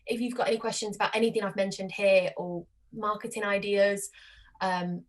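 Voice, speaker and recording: A woman's voice: mid-range voice, flat delivery, moderate pace. A British woman, a marketing agency head, talking casually and enthusiastically as a podcast guest. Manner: chatty and enthusiastic.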